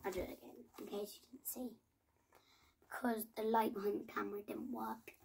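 A woman reading a children's picture book aloud in a slow, gentle way, with small restarts. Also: mid-range voice, little pitch movement, creaky, noisy background. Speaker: storybook reader.

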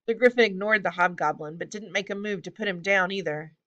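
A woman reading a children's fantasy story aloud at a steady pace. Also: medium pitch, a little fast, highs cut off. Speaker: audiobook reader. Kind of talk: storybook narration.

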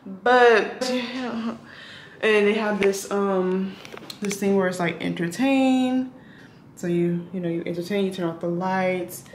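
A woman's voice: medium pitch, takes it slowly, echoey room, slight background noise. A woman filming a casual vlog in a hotel room, rambling and chatty with lots of fillers. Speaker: vlogger.

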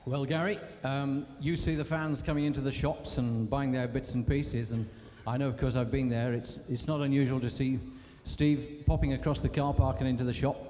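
A man's voice: mid-range voice, steady tone, normal speed, few pauses, mellow. A man hosting a live tribute evening, introducing guests and asking them conversational, leading questions. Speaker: event host. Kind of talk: live event presenting and interviewing. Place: large civic hall, live event. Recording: long hall reverb, faint background noise.

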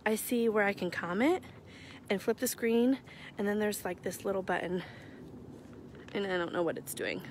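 Brief: young woman, phone live stream outdoors, chatty and giggly, mid-pitched, faint outdoor hiss behind. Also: normal speed, pauses often. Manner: chatty, giggly, self-deprecating. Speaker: livestream host announcing charity winners. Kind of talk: casual live-stream chat. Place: outdoors near her house at night, walking around. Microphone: phone held at arm's length.

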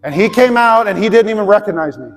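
A man's voice: high voice, lively intonation, quick pace. A male pastor giving an earnest, heartfelt sermon built around a personal story and ending in prayer. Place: church sanctuary. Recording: long hall reverb, faint music.

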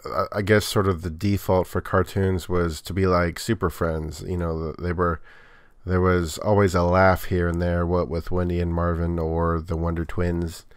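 Low-voiced, wry man co-host. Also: flat delivery, normal speed, clean tone, dry recording, clean studio sound. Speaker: podcast co-host. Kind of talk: casual podcast chat.

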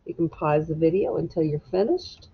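A woman teacher giving a recorded phonics lesson to children, slowly sounding out letters and words in a clear, encouraging way. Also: sits low, animated, muffled recording.

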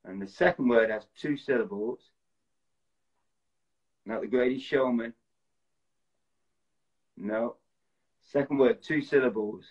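Husky man hosting a phone live stream. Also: mid-range voice, measured pace, long pauses, muffled recording. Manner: chatty, reading out viewers' guesses. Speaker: host of an Instagram live stream. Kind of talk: casual live stream, acting out film titles.

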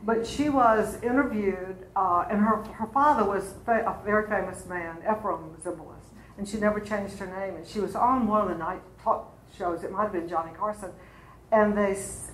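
A woman's voice: mid-range voice, moderate pace, slight background noise. A woman teaching an adult class in a church classroom, lecturing in a chatty way with fillers and asides to her students. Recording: roomy classroom recording.

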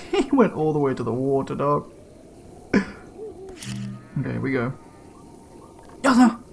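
A man giving casual gameplay commentary, excitable and slangy, swearing and yelping as he plays. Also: fairly high pitch, slow pace, gravelly, pauses often, slight background noise. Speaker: let's play gamer.

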